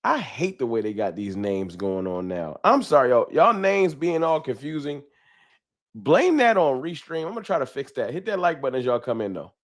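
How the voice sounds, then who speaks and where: A man's voice: mid-range voice, very animated, normal speed. A man hosting a casual live stream from a room at home, greeting viewers by name in loose slang. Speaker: livestream host. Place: home room with a wall sign. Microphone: desk microphone.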